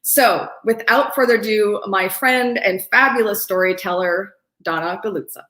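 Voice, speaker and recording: A woman's voice: medium pitch, moderate pace, fairly bright tone, roomy sound. A woman hosting a streamed storytelling show, chatting casually and introducing the next teller. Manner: chatty, many fillers. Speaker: host. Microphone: streamed from home.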